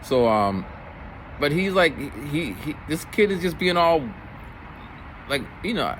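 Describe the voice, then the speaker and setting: A man in his forties, a middle school teacher, telling stories from his week in a casual, animated way. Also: unhurried, a little hiss or hum. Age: 40s. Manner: animated, jumps into high voices for quoted kids. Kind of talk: casual storytelling vlog.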